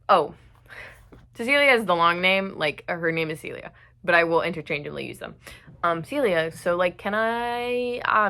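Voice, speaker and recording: A woman's voice: lowish voice, sharp tone. A young woman doing a casual book review vlog, reading passages aloud and chatting with many fillers and the odd curse. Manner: chatty, lots of fillers, swears when annoyed.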